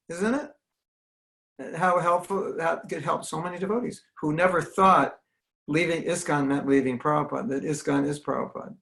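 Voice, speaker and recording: A man's voice: a little high, normal speed, gravelly, a bit bright, low-quality recording. An American man giving an earnest, conversational spiritual talk over a video call, acting out the voices he quotes. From United States. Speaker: spiritual teacher. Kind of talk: online talk with questions.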